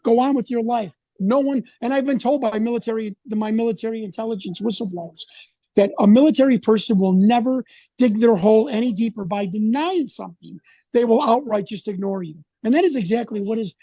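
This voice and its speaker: A man's voice: very high-pitched, warm tone, dry recording. A man talking as an interview guest, rambling and indignant as he tells his story. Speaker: independent researcher, guest. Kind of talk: casual interview conversation.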